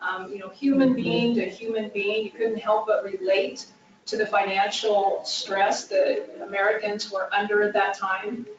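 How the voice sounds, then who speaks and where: A woman's voice: medium pitch, little pitch movement, unhurried, recorded from a distance. Lady trainer giving a talk, earnest, lots of ums, dull faintly noisy echoey recording. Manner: earnest, with frequent "uh" and "um" fillers. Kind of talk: training presentation.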